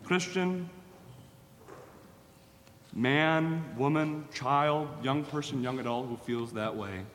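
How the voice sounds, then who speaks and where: Earnest preacher in a reverberant hall. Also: male voice, slow pace, a bit bright. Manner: earnest, repeats phrases for emphasis. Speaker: pastor. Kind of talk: sermon. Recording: hall reverb with faint rumble.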